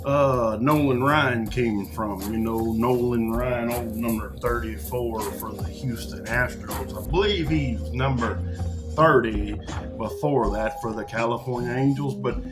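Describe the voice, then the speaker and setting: A man's voice: mid-range voice, measured pace, over music. A man with a Texan accent hosting a show, chatting casually in a folksy, rambling way. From Texas, USA. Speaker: podcast host. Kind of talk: casual chat. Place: lives in Texas farmland.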